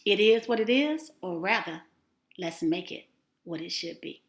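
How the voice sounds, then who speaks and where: Animated woman coaching, roomy echo. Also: on the low side, unhurried, a little hiss or hum. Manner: encouraging, animated, loud swings to near-whispers. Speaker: self-affirmation coach. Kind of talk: casual spoken lesson.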